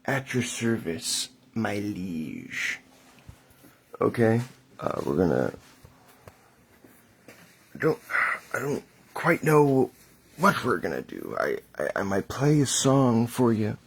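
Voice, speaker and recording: A young adult man delivers a rambling vlog monologue in a mock-grand, theatrical manner. His voice is gravelly and a little husky, low in pitch. He speaks slowly with wide swings in pitch. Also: sing-song. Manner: mock-theatrical, halting, chuckling asides. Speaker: vlogger.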